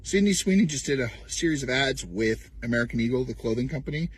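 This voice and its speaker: A man's voice: mid-range voice, expressive, quick pace, breathy edge. A man in a played online clip, ranting sarcastically and mocking his opponents. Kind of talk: sarcastic social media rant.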